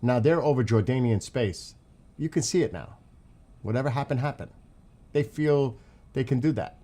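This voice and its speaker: Excitable New York man on a livestream. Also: mid-range voice, normal speed. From New York City. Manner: excitable, rambling, thinks aloud with questions. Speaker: livestream host tracking flights. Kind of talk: casual live commentary reading chat.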